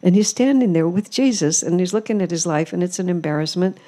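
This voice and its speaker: In an ashram hall, a spiritual teacher gives a talk, her voice fairly low and her pace fast. She tells stories warmly, sounding amused and reflective.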